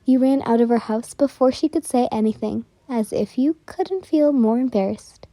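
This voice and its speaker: A young woman telling a whispered role-play story softly, giggly and easily flustered, close to the mic. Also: a little high, normal speed, no echo.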